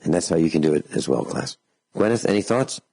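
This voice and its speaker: A man hosting a talk radio show, giving slow, deliberate advice and repeating phrases for emphasis. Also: deep voice, animated, creaky, mellow, dry recording, poor audio.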